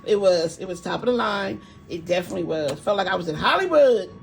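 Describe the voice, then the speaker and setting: An older woman vlogs from a room at home beside an open window, talking budgeting over music in a fast, expressive, creaky medium-pitched voice. Chatty and encouraging, she laughs often while faint street noise and a passing truck drift in.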